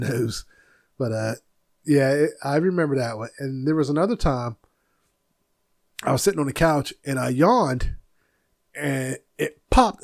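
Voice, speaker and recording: A man's voice: mid-range voice, no room sound, studio quality. A middle-aged man hosting a casual solo podcast from his home office, rambling and easily sidetracked, laughing at his own stories. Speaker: podcast host.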